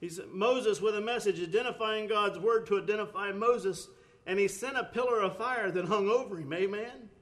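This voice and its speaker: A man's voice: high voice, moderate pace, fairly bright tone. A man preaching a sermon, earnest, with rising emphatic bursts, often repeating words and restarting phrases.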